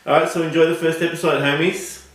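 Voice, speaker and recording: A man's voice: fairly high pitch, flat delivery, fast talker. A man co-hosting a casual podcast, chatting with dry joking asides. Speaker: podcast co-host. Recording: echoey room, far from mic, faint noise.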